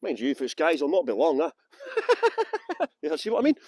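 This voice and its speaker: A man's voice: fairly high pitch, creaky, a little mellow, breathy edge, no echo. A Scottish man giving a live walking tour of outdoor gardens, joking and teasing his viewers while filming on a handheld phone. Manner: joking, facetious banter with viewers. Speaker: tour guide.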